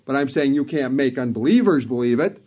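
A man's voice: mid-range voice, animated, a little fast, darkish tone. A man preaching a sermon in an earnest, emphatic way, repeating phrases for stress.

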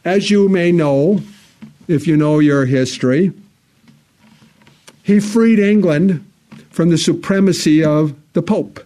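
A man preaching a sermon in a church, earnest, his voice swelling on key phrases and dropping low and slow for solemn parts. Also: mellow. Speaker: pastor.

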